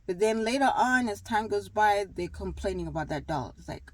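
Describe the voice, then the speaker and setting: A wellness vlogger in her thirties talks casually to camera about faith and gratitude, rambling with many fillers and acting out little dialogues. Her voice is medium-pitched, a little fast and slightly mellow. The recording is dry and rough.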